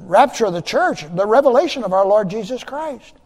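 A man preaching a sermon with emphatic repetition, his voice swelling and falling in loudness as he drives each point home. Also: high-pitched, lively intonation, a little fast, long reverb tail. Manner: emphatic preaching, repeats phrases, rising and dropping loudness. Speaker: pastor.

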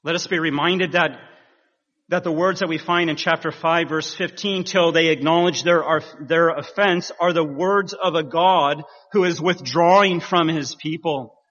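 A man preaching a sermon in a measured, earnest way, rising with emphasis at key points. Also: fairly high pitch, fairly bright tone. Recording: dull sound in a reverberant hall.

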